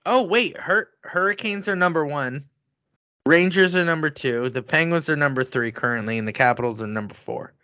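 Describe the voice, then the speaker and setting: A man co-hosting a casual sports podcast, excitable and quick to get heated as he rants. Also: a little high, no echo, highs cut off. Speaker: podcast co-host.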